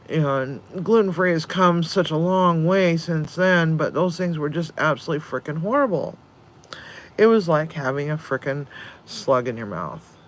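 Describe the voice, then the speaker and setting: A man's voice: a little high, fairly bright tone, slight background noise. A man hosting a cooking channel, chatting casually, tired, swearing now and then and laughing often. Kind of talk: casual chat.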